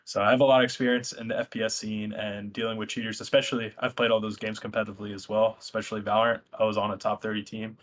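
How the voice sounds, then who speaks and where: A man guest speaking casually, calmly introducing himself. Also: on the low side, rapid-fire, few pauses. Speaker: guest, cheat analyst. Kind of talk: casual interview chat.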